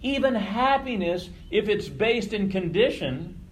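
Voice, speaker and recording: A man's voice: sits high, lively intonation, unhurried, slight background noise, poor audio. A man leading a group session in a casual teaching talk, conversational, swearing freely and often checking in with his listeners. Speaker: workshop leader.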